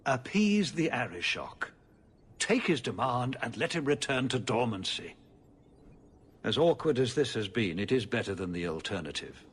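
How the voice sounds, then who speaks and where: An actor playing a weary, cautious older city ruler who speaks in a measured, formal way, in video game dialogue. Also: male voice, medium pitch, very animated, a bit bright, slight background noise. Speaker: city ruler addressing the hero.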